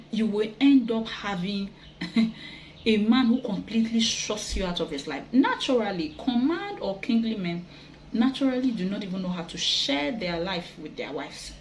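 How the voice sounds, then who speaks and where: A woman giving earnest, gentle advice to wives, with soft laughs and quoted asides. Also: medium pitch, animated, normal speed, slight background noise, rough recording. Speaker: relationship teacher.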